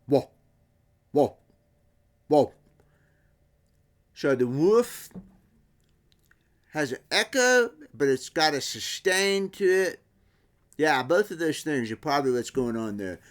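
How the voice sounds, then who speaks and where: A middle-aged man talks through guitar tap tones in a relaxed workshop manner. He imitates the sounds with his own voice and often backs up to restart a sentence. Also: on the high side, measured pace. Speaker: guitar builder. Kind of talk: casual workshop explanation.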